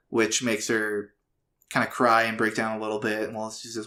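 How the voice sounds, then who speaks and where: A man co-hosting a casual podcast, retelling an episode loosely with fillers and quick voiced-out quotes. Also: medium pitch, steady tone, bright, forceful tone. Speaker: podcast co-host.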